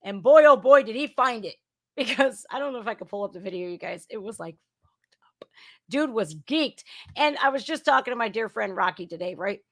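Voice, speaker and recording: A woman's voice: fairly high pitch, a little fast. Blunt, sarcastic woman podcaster. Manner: animated, swings between loud outbursts and muttering. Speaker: podcast host. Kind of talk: casual news commentary.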